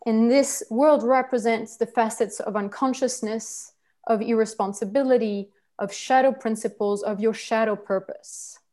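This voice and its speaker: This woman's warm voice sits on the high side as she facilitates a personal-growth workshop. Her teaching is sincere, though she hunts for the right words, filling pauses and restarting sentences.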